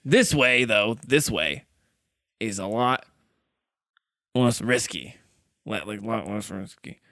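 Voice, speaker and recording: A man voicing a casual, offhand male wizard, talking low and trailing off, in a tabletop game. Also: lively intonation, slow pace, bright, forceful tone, no room sound, studio quality, exaggerated voice. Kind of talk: improvised character voice in a tabletop game.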